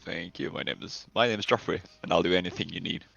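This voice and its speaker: A man's voice: low voice, fast talker, creaky, fairly bright tone, no echo, heavily acted. A man playing an earnest young crewman. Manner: earnest, dry. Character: young human man, earnest eager helper. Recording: muffled lo-fi with faint music.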